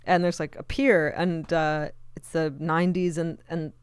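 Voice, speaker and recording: Brief: woman podcast co-host, animated storyteller, lowish smooth voice, dry sound. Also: unhurried, dry recording. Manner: animated storyteller, acts out quotes, laughs often. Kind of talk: casual chat, storytelling.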